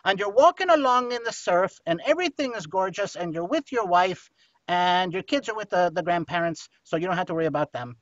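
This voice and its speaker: A man doing a lively, mischievous young sidekick. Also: sits high, brisk, dry recording. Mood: playful. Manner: teasing, spins silly stories. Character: playful, mischievous young male sidekick character. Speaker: co-host. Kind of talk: playful podcast banter. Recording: dry, slightly muffled podcast audio.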